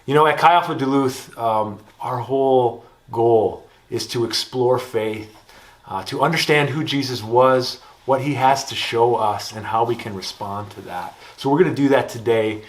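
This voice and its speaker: A man in his thirties with an Upper Midwest American accent, preaching a campus ministry sermon in a relaxed storytelling way. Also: mid-range voice, normal speed. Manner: relaxed storytelling, lively when telling anecdotes.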